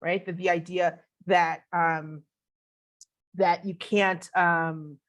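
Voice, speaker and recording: A woman's voice: on the low side, little pitch movement, slow pace. A woman teaching a Bible class online, explaining in a conversational way and answering questions as she thinks aloud.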